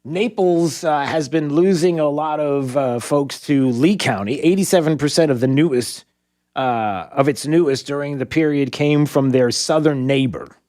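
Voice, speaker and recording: A man's voice: fairly high pitch, moderate pace, darkish tone, dry recording. A man hosting a talk radio show in a studio, talking casually and rambling with lots of fillers and restarts.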